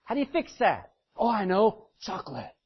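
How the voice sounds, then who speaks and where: A middle-aged man preaches a sermon in a high, husky voice, folksy and emphatic, rising to loud declarations and dropping to near-quiet asides. The recording sounds dull and lo-fi. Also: huge pitch swings, normal speed.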